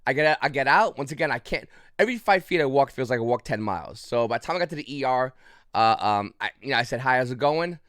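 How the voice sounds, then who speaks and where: A man's voice: medium pitch, lively intonation, fast talker, a bit bright, no echo, studio quality. A man casually recounting a story to the camera, rambling with restarts and short of breath, with frequent coughs. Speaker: YouTube channel host.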